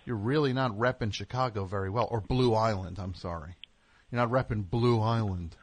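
A man's voice: lowish voice, normal speed. Sarcastic man hosting a call-in show. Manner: sarcastic, mock-scolding, rambling with fillers. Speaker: radio call-in host. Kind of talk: comedic call-in banter. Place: radio studio.

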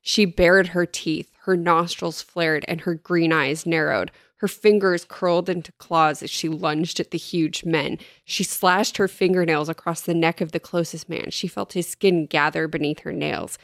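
Woman reading spooky book bits out loud, kinda low voice, dry close sound, animated. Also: normal speed, few pauses, no room sound. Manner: animated, reads horror passages dramatically, laughs often. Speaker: podcast co-host recapping a book. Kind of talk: casual chat, reading passages aloud.

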